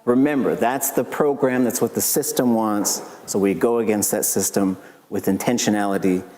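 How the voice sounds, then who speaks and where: A man giving a casual lecture as a language professor, relaxed and chatty, with joking asides and lively jumps in pitch. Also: normal speed. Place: lecture hall. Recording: long reverb of a lecture hall.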